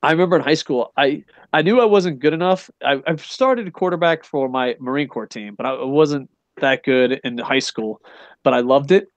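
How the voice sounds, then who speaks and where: Recorded dry, with dull audio, a middle-aged podcast host in Japan chats about wrestling in a mid-range voice at normal speed. He rambles, swears enthusiastically, and keeps asking "you know what I mean?"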